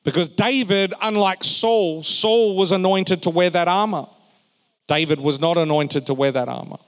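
A male pastor preaching a sermon, swinging between emphatic raised phrases and quiet, joking asides to the congregation. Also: high voice, moderate pace, clear, resonant tone. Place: church hall. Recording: long reverb of a large hall.

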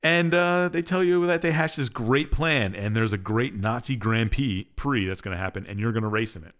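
On a podcast, a male co-host casually recaps a game's story, rambling through it in an offhand way. His voice is mid-range and fairly bright, and he talks at a normal speed.

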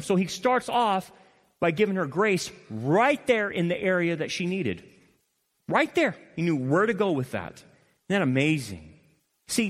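A man preaching a sermon as pastor, emphatic, moving between loud passionate peaks and quiet intimate asides. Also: on the high side. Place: church sanctuary. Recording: long hall reverb.

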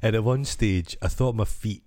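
A man's voice: on the low side, normal speed, darkish tone, dry recording, clean studio sound. A man co-hosting a podcast, chatting casually and cutting in with wry, teasing questions. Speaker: podcast co-host. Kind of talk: casual chat.

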